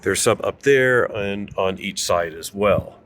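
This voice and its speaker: Calm male vlog co-host, lower voice, measured delivery. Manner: measured, hesitant, explanatory. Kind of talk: casual car review chat.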